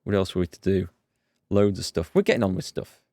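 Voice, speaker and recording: Lively man reading game dialogue. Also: slight background noise. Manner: reads dialogue aloud with quick asides, jumps in pitch when excited. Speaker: gaming channel host. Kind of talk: let's play commentary, reading game text aloud.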